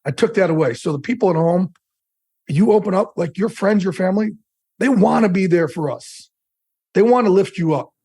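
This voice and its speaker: Husky-voiced man telling a raw story. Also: high voice, expressive, normal speed, warm tone, no room sound. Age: middle-aged. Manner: blunt, emotional, swears freely. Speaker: interview guest. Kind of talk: candid personal storytelling.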